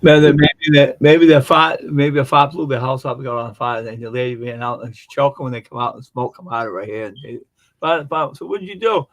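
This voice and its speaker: A man's voice: medium pitch, a little fast, dry recording, muffled recording. A man rambling through funny stories in casual chat, acting out the other people's lines as he tells them. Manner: rambling joke-telling, acts out quoted voices. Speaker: live stream host.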